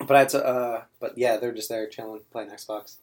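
A man's voice: mid-range voice, steady tone, brisk. A young man in casual podcast chat, blunt and swearing freely as he tells a story.

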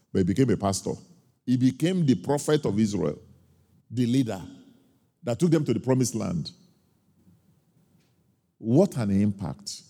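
A man preaching a sermon, telling a personal story with emphatic, drawn-out key points. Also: mid-range voice, dark tone. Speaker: pastor. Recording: long hall reverb.

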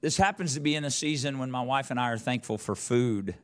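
A middle-aged man preaching a sermon, telling a personal story with rambling restarts and rising intensity. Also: a little fast. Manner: rambling, restarts, rises in pitch and volume as the story builds.

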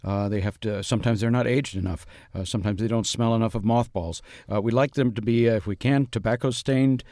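Hesitant, earnest Cold War hobbyist with a lowish voice and dry studio sound, played by a man for a spoof interview. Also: dry recording, natural voice. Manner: halting, full of uhs, deadpan. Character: earnest, deadpan male Cold War reenactor. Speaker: interview guest. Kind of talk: mock interview.

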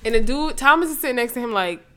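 A young woman from the New York area telling a story in casual chat, animated and profane, acting out the people she quotes. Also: on the high side, fast, background noise.

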